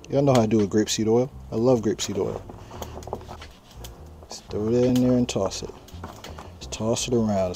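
A man's voice: mid-range voice, warm tone. A man hosting a casual cooking vlog outdoors at a grill, talking straight to his viewers in a laid-back, chatty way. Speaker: cooking channel host. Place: outdoors at a charcoal grill, windy. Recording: outdoor noise of wind and popping fire. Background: wind and crackling fire.

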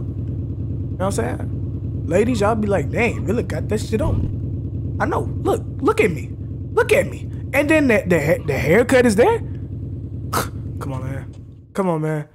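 A man with a high voice talks casually over a game he is streaming, bragging in a playful, trash-talking way and sometimes breaking into shouts at the characters. Loud game sound runs behind him the whole time. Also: background noise. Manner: boastful, playful trash talk. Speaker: gaming streamer. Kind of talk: casual gameplay commentary.

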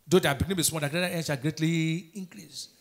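A man's voice: fairly high pitch, fast. A middle-aged Nigerian man preaching a sermon as pastor, emphatic, with call-and-response questions to the congregation.

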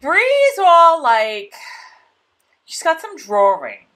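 A woman's voice: very high voice, huge pitch swings, drawn-out words, a bit bright. A woman co-hosting a casual show recap, chatty and full of "like" and laughter. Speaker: podcast co-host.

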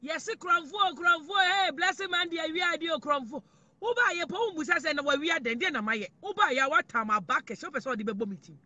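High, bright Ghanaian-accented commentator. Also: animated, brisk, no room sound, highs cut off. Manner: emphatic and repetitive, mixes Twi and English. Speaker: online commentator. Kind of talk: animated commentary to viewers.

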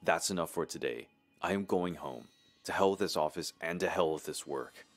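Deep-voiced man as a terrified cheating husband. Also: moderate pace, faint music behind. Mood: rattled. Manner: shaken and pleading.

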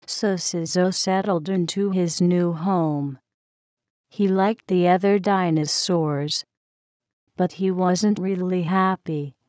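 A woman reads a children's story aloud at a very slow, gentle pace. Her voice is smooth and clear, a little low for a woman, and recorded dry and close with no room sound. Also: dry recording.

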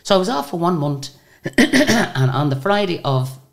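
An Irish woman with a notably deep voice tells a story as an interview guest. She talks in a chatty, rambling way, full of asides and restarts. She slips into the voices of the people in her tale as she goes. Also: unhurried, vocal fry. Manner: lively storyteller who acts out the people she quotes.

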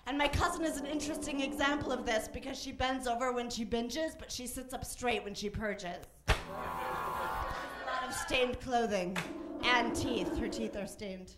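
A young woman doing a deadpan stand-up set on a comedy club stage, switching into voices for the people she quotes. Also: on the high side, normal speed, heavy background noise. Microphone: handheld stage mic. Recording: live club recording with room echo and crowd. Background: audience laughter.

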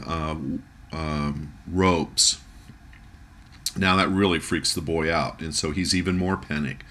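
A man giving a music lecture, talking in a halting way with many fillers and restarts as he reads and translates a German poem. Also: low voice, steady tone, fairly bright tone. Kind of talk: recorded lecture.

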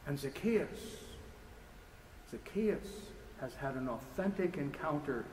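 A man's voice: fairly high pitch, lively intonation, takes it slowly, a little mellow. A man, a priest giving a lecture sermon in a church, speaking with impassioned, repetitive rhetorical build-ups. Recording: echoey church hall with faint noise.

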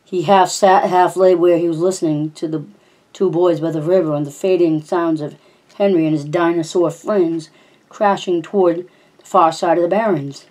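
A woman reading a novel aloud in a steady, plain narrating manner, with small slips now and then. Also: on the low side, normal speed. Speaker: audiobook reader.

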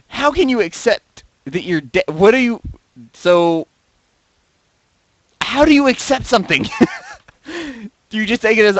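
Lively joking man, very animated pitch. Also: normal speed, dry recording, low-quality recording. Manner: joking, laughs often, swings between loud and mumbled. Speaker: vlogger reading viewer posts. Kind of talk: casual commentary. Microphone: desk mic right beside him.

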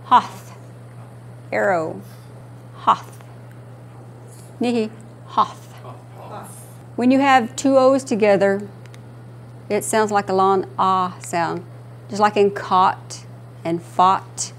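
Slow, patient woman teaching a class. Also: medium pitch, steady tone, a bit bright, a little hiss or hum. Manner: slow, patient, repeats words for students. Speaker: language instructor. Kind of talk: classroom language lesson.

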